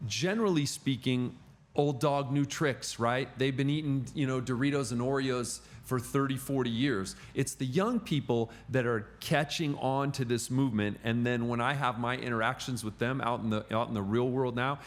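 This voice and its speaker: Animated middle-aged male podcast guest. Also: medium pitch, normal speed. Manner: animated storyteller. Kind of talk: casual conversation.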